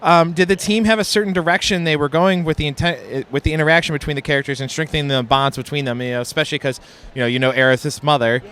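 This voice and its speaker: Male interviewer, slightly higher pitch, eager fan energy, convention setting. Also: steady tone, fast, fairly bright tone, clean tone.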